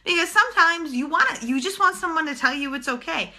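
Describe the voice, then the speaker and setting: A woman's voice: very high-pitched, animated, fairly quick, pushed and bright. A young woman talking casually and bluntly to viewers in a live stream, swearing freely as a spiritual channeler.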